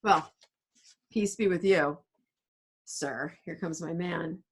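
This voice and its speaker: Woman reading Tybalt, hostile young man, firm, emphatic, lowish voice. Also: slow, husky. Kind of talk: casual read-aloud of a play.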